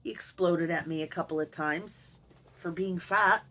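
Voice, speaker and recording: A woman's voice: on the low side, a little slow, a bit bright, rough recording. Chatty wry middle-aged woman vlogger. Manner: chatty, wry, talks to her cat between stories. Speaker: video blogger. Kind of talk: candid personal storytelling to camera.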